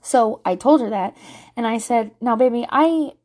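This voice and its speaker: A woman's voice: fairly high pitch, moderate pace. A woman in her thirties telling a story in a casual way, blunt and profane, acting out what people said. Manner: blunt, profane, animated storytelling with acted-out quotes.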